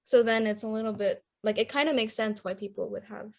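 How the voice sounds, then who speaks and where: A woman's voice: medium pitch, steady tone, a little fast, gravelly. A teenage girl from Indonesia co-hosting a casual podcast chat, rambling and laughing often. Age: teens. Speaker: podcast co-host.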